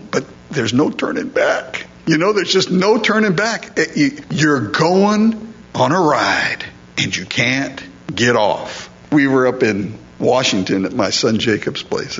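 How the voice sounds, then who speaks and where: A man's voice: mid-range voice, breathy edge. A middle-aged man preaching a sermon in a conversational, storytelling way, acting out quotes along the way. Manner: conversational, anecdotal, animated when acting out quotes. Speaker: pastor. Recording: slightly dull, faint hum.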